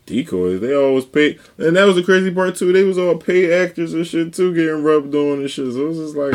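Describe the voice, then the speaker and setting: A man's voice: a little high, expressive, brisk, few pauses. A man in loose, profane casual podcast talk who often acts out quoted lines. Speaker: podcast guest.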